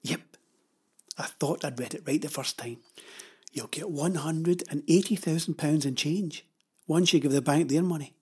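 A man's voice: on the high side, dark tone, breathy edge. A man voicing a cheeky, self-assured boy who teases and steers the girl along, in a storybook reading. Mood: knowing. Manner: teasing, knowing, unhurried. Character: cheeky, confident young boy.

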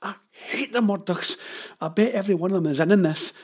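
A man reading aloud gives us a fiery ten-year-old girl in a storybook, her voice lifted high above his own. She is quick to bristle and indignant, with a faint husky edge. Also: darkish tone. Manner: heated, indignant outbursts.

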